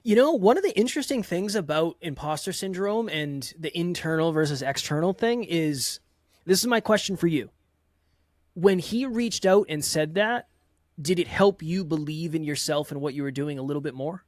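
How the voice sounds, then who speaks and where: A man who is a podcast guest, asking an interview question in a thoughtful, measured way. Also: a little high, no echo, clean studio sound.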